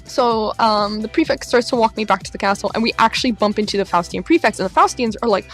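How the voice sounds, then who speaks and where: A young woman vlogger telling an excited story, acting out the voices of the people she quotes with big jumps in pitch. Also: fast, few pauses, faint music behind.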